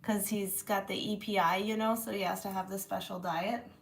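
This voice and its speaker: A woman's voice: mid-range voice, fairly even intonation, moderate pace. A woman chatting casually to her viewers from her room, blunt and swearing freely, sore after a massage. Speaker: channel host.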